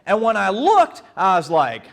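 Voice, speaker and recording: Man, storyteller, high voice, very lively pitch, playful, talks with a young live audience. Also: measured pace, vocal fry. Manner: animated and playful, talks to the crowd. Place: live event before an audience.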